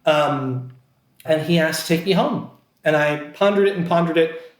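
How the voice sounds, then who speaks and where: A man's voice: fairly high pitch, moderate pace. A man from Pennsylvania, a podcast guest and actor, telling a story casually with lots of fillers and self-deprecating asides. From Scranton, Pennsylvania, USA. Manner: chatty and self-deprecating, many fillers and restarts. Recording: roomy, echoey sound.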